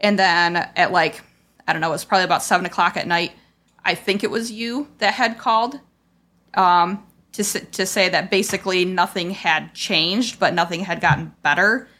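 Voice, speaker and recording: Bright-voiced woman telling a raw story. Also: lowish voice, moderate pace. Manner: rambling, heavy on "like" and "I was like" quotes; raw, frustrated retelling of a painful memory. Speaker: podcast host. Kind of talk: casual personal storytelling.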